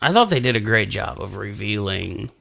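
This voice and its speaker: A man's voice: on the low side, animated, normal speed, creaky, sharp tone. A man co-hosting a casual movie podcast, opinionated and emphatic as he explains scenes. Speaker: podcast co-host.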